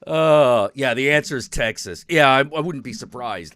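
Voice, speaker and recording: A man's voice: medium pitch, animated, moderate pace, few pauses, a bit bright, dry recording, studio quality. A man hosting his own stream, ranting casually and profanely to his chat, rambling and exasperated with lots of restarts. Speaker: stream host.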